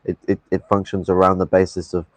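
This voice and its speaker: A man's voice: deep voice, flat delivery, a little fast, no echo, poor audio. A man debating on a reaction stream, argumentative and often stumbling over his words. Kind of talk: casual debate.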